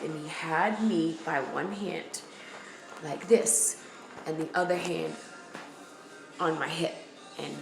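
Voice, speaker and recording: Blunt New woman vlogger, low gravelly voice, emphatic and repetitive, echoey room with faint music. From the Bronx, New York. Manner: emphatic and blunt, repeating phrases for weight. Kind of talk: candid personal storytelling to camera.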